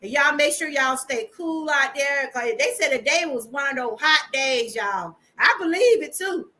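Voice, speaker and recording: A middle-aged woman from Georgia talks in a loose, chatty Southern way, hosting a live stream and addressing her viewers as y'all. Her voice sits high and sounds bright and forward. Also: expressive, moderate pace. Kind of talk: casual live chat.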